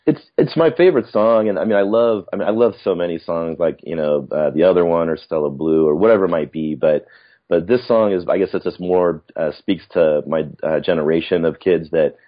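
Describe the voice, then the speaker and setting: A man's voice: deep voice, a little fast, muffled recording. A middle-aged man telling stories in a rambling, reflective way, with frequent restarts, as a podcast guest. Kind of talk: casual storytelling chat.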